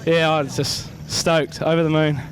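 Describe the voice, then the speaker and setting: A man's voice: a little high, level tone, moderate pace, a little hiss or hum. A man with a New Zealand accent, a racing driver talking elatedly after finishing second. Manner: elated, repeats mate and stoked. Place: outdoors at a speedway.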